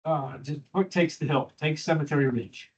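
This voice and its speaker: Man, history teacher, emotional storyteller, fairly high voice, classroom lecture. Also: moderate pace, rough recording. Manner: emotional storytelling, acts out quotes.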